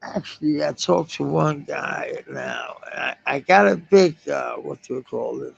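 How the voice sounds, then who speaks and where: A man rambling in a halting live-stream monologue, repeating words, trailing off and swearing. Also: a little high, creaky, husky, dry recording, muffled recording. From Denmark.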